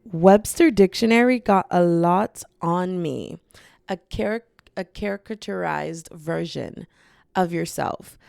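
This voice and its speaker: Young woman podcaster rambling in her bedroom, bit scratchy, some vocal fry, dry close sound. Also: fairly low pitch, slow, darkish tone, no echo. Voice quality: slightly scratchy. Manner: chatty and rambling, breaks into playful off-key singing. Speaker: podcast host. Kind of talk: casual solo podcast chat. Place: her bedroom with hardwood floors. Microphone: podcasting mic.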